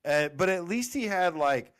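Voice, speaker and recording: A man's voice: high-pitched, expressive, moderate pace, a bit bright, clear, resonant tone. A man from the Southern United States with a Southern American accent, rambling and laughing through casual podcast talk as a guest. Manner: rambling, laughing, full of fillers.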